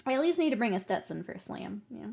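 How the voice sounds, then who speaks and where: A woman's voice: medium pitch, animated, fast talker, gravelly, warm tone. A woman streaming her miniature painting, chatting casually, laughing often and answering her chat while she works.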